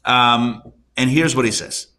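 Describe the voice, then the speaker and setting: Rabbi, man, live class lecture, bright and lively, light hiss. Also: medium pitch, a little slow. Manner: animated, conversational, asks rhetorical questions. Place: class around a table, indoors.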